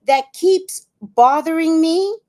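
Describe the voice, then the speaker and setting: A woman's voice: extremely high pitch, slow pace. A woman hosting a livestream, talking to her viewers in an exclaiming, swearing way. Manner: animated, exclaiming, swears freely. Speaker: livestream host. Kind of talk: casual livestream chat.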